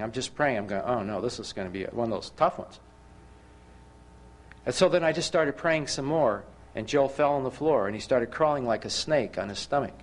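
A male preacher with a mid-pitched voice delivers a sermon, telling his story with animated rises and emphatic bursts. He often stumbles and restarts his sentences.

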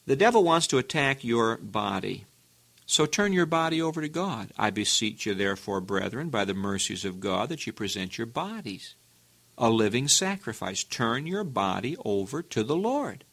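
Male preacher, middle-pitched, emphatic sermon delivery with rhetorical questions. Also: sing-song, moderate pace, gravelly, a bit bright. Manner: earnest, emphatic, with sudden rises in pitch.

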